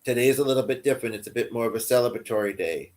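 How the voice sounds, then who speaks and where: Guy chatting to his live viewers, rambles a lot, laughs at himself, mid-pitched voice. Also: racing, darkish tone. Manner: rambling, chuckling, self-deprecating. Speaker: livestreamer. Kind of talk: casual chat answering live viewers.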